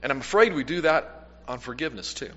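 A male pastor preaching a sermon in a conversational way, often trailing off quietly at the ends of lines. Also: medium pitch, animated, fast talker. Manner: conversational, self-correcting, drops to quiet at line ends. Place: church sanctuary. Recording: echoey hall, dull lo-fi sound.

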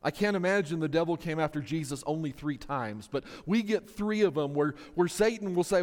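A man preaching a sermon in an animated storytelling manner, often stringing his sentences together with repeated "and.". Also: high-pitched, a little fast, hardly any pauses, in a large hall.

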